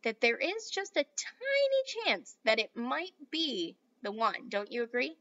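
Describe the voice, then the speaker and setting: A sly old grandfather, as a woman reading aloud puts him on, hushed and conspiratorial, bubbling with nervous excitement. His voice sits fairly high and comes across bright and forceful. The storybook recording sounds a little dull and lo-fi. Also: a little slow, heavily acted. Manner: whispering, conspiratorial.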